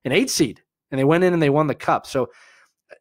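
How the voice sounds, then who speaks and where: A man from Philadelphia with a Philly accent, hosting a live hockey chat and answering viewer questions in a chatty, animated way. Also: fairly high pitch, a little fast, no echo, clean studio sound. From Philadelphia, USA. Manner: animated, chatty, full of filler words and asides.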